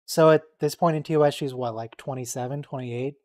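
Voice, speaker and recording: A man hosting a casual watch-along stream, joking and quickly reacting to what's on screen and teasing his friends. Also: medium pitch, fairly even intonation, darkish tone. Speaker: stream host.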